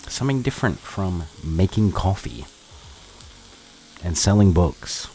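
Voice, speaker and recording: A man's voice: low-pitched, unhurried, faint music behind, low-quality recording. A man hosting a live cooking stream. He chats casually with his viewers while he cooks in his kitchen and swears now and then. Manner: relaxed, chatty, answers chat while cooking, swears casually. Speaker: livestream cooking host. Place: home kitchen.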